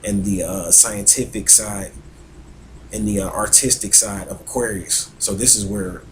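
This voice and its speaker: Male astrologer, low voice, easygoing and rambling delivery with frequent fillers. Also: steady tone, a little slow, slight background noise, rough recording. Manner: rambling, conversational, many fillers and restarts. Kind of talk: casual spoken talk on astrology.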